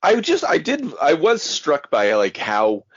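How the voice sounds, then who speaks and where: Husky, hesitant male podcast host. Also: fairly high pitch, wildly swooping pitch, measured pace, no room sound, highs cut off. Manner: rambling, hesitant, giggly. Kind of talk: casual chat.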